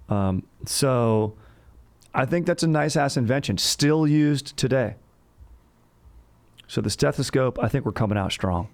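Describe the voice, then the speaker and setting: A man's voice: mid-range voice, expressive, unhurried. A man hosting a podcast, chatting casually about history with a rambling, jokey style and constant "dude" asides. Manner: slangy bro talk, says "dude" constantly. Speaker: podcast host. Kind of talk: casual comedic history chat.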